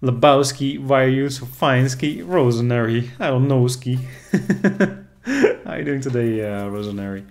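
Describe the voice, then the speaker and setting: Male streamer, unhurried and gravelly, loose live commentary with chat banter. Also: mid-range voice, expressive. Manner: chatty, reacting to the game and reading chat. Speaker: casino streamer.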